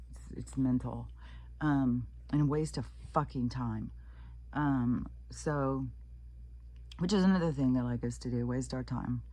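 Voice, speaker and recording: A woman's voice: very deep voice, dark tone, husky. A woman talking in a casual, rambling vlog monologue, swearing freely and filling gaps with "um" and "like". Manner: profane, rambling, frequent fillers. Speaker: vlogger.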